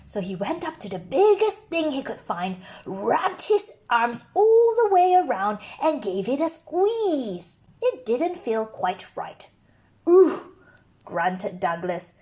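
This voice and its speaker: A woman reads a children's storybook aloud in a high, melodic voice. She takes her time with each phrase and swings her pitch up and down expressively to keep young listeners hooked. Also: slow, few pauses. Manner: expressive, sing-song. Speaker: storybook reader.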